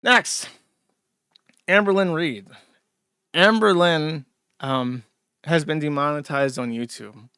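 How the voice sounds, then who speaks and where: A man's voice: a little high, slow pace, pauses often, sharp tone, smooth, dry recording, studio quality. A man hosting a podcast, giving crude, profane, sarcastic commentary as he reacts to online content. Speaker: podcast host. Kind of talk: casual commentary.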